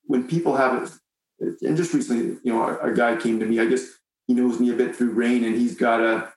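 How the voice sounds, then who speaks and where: An easygoing man from Canada answers questions in relaxed, loose sentences. His voice carries a noticeable roomy echo. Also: mid-range voice, a little fast. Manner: easygoing, with frequent fillers. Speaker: guest, real estate investor. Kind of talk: casual interview talk.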